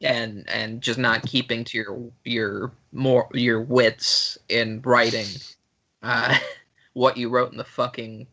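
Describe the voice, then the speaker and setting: A man co-hosting a podcast, making a deliberate argument in casual chat. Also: medium pitch, level tone, creaky, pushed and bright. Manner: slow, deliberate arguing. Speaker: podcast co-host. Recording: dull lo-fi podcast audio.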